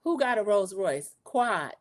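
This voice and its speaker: A woman in her forties hosting a casual livestream recap, gossipy and animated, talking straight to her viewers. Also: mid-range voice, measured pace. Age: 40s. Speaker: show recap host.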